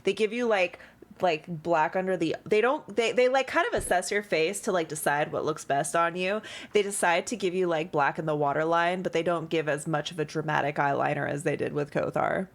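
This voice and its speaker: A woman's voice: lowish voice, a little fast. A woman running a tabletop game on a live stream, chatty and giggly, full of "like"s. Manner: bubbly, giggly, many "like"s. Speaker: game master. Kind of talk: narrating a tabletop game, casual. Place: home streaming setup.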